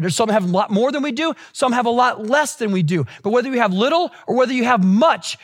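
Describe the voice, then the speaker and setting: A man with a high voice preaching a sermon. He exhorts the congregation, repeats his key phrases for emphasis and keeps asking them questions as he goes. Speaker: pastor.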